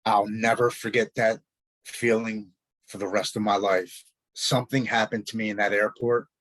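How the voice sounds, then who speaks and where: A man telling his own story in a blunt, halting way, with repeated words and swearing. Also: on the low side, little pitch movement, fairly bright tone, no echo. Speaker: storyteller recounting his recovery. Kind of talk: personal spoken story.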